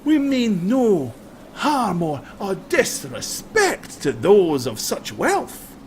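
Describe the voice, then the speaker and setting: A man doing a sly mocking Highland bandit. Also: huge pitch swings, slow, slight background noise, heavily acted. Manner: wheedling mock-polite drawl.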